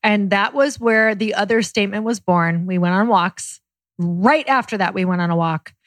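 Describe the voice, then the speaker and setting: A woman's voice: medium pitch, normal speed, dry recording. Earnest woman co-host, dry close sound. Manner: earnest, reflective storytelling. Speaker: podcast co-host. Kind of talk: casual conversation.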